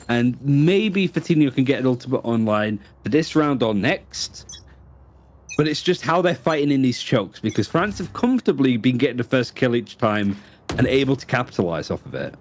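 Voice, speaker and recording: A man with a Yorkshire accent giving fast, chatty play-by-play commentary on an esports match. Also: medium pitch. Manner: quick, animated, chatty with a co-caster. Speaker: esports caster.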